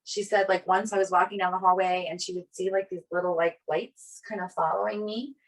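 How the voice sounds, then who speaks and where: This podcast co-host, a woman from an Italian family, has a fairly low voice and talks quickly. She tells a personal story in casual chat, animatedly acting out the people she quotes with lots of "like" fillers.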